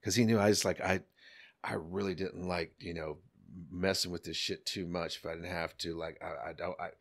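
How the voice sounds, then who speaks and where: A middle-aged man telling a story in a casual chat, animated and profane, acting out the people he quotes. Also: deep voice, moderate pace, vocal fry. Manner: animated, swearing, acts out quotes in other voices. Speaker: podcast guest.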